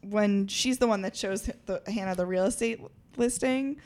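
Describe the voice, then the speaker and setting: A woman's voice: medium pitch, darkish tone. A woman co-hosting a TV fan podcast, talking casually and laughing often. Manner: quick, laughs often, says "like" a lot. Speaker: podcast co-host. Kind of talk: casual chat.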